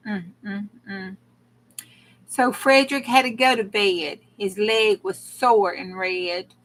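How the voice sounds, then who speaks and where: A woman's voice: fairly high pitch, a bit bright, low-quality recording. A woman, a crafting channel host who reads old rhymes aloud with dramatic gasps and exclamations between verses.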